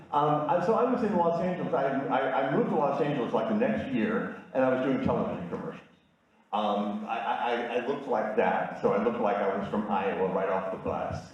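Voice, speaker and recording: A man's voice: lowish voice, a little mellow. A man in his sixties giving a candid, self-deprecating personal talk with slides at a community event. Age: 60s. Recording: echoey, distant, dull room sound.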